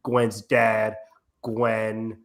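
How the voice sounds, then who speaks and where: A man co-hosting a casual movie review podcast, talking in an animated way with lots of filler "like". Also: fairly low pitch, drawn-out words, creaky. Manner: animated, piles on "like", full of fan enthusiasm. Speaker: podcast co-host.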